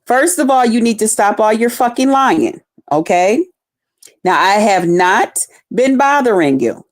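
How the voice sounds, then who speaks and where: A woman's voice: a little high, expressive, moderate pace. A middle-aged woman, telling a heated, profane story on her stream and acting out other people's voices. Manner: profane, blunt, acts out quoted voices. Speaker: streamer responding to a rival.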